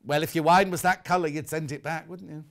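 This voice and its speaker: A man's voice: fairly high pitch, steady tone, quick pace. A middle-aged man presenting fabrics on a live shopping show, chatty and teasing. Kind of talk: live sales presentation with chat.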